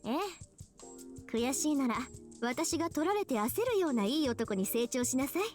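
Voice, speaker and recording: A woman's voice: high voice, animated, quick pace, darkish tone, soft background music. A woman voicing a confident, teasing teenage girl in a visual novel, bossy and playful in manner.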